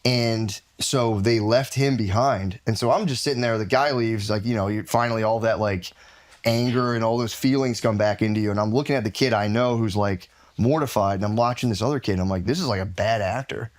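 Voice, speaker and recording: A man telling a long story as a podcast guest, rambling and animated, acting out the other people in it. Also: lowish voice, a little fast. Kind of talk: casual storytelling.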